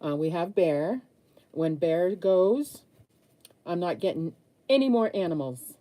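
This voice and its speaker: Painting live on stream, a woman in her sixties answers viewer comments and talks candidly with them. Her voice is fairly low and dark in tone, expressive, and a little slow.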